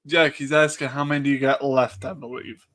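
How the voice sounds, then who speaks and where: Chatting casually as a guest on a livestream, a Boston-accented New Englander laughs often and tells profane stories. His medium-pitched voice barely moves in pitch, runs a little fast, and sounds fairly bright, with no echo.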